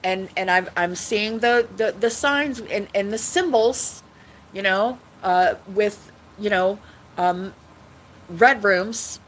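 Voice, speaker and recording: A woman's voice: medium pitch, slow, slight background noise, poor audio. Rambling woman on a livestream. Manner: rambling, repetitive, swearing often. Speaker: livestream host. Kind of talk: rambling casual livestream talk.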